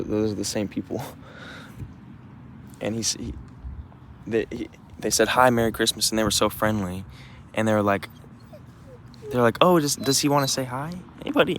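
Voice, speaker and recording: A man's voice: on the low side, flat delivery, moderate pace, vocal fry, pauses often, a bit bright, slight background noise. A young man vlogging while walking his dog outdoors, talking in a loose, rambling way full of fillers and restarts. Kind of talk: casual rambling walk-and-talk.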